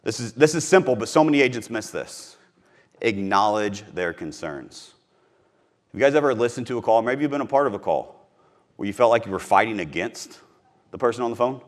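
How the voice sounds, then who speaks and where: A man's voice: fairly low pitch, animated, a little fast. A middle-aged man from Missouri giving a punchy, emphatic motivational talk on sales, repeating his key phrases. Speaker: podcast host teaching sales.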